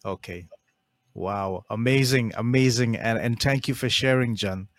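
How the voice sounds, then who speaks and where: A male interviewer speaks in a supportive, encouraging way and keeps his reactions short. His voice sits at a middle pitch. The recording is dry and close, with no room sound. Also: no echo. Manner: encouraging, quick back-channel reactions. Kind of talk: interview questions and brief reactions.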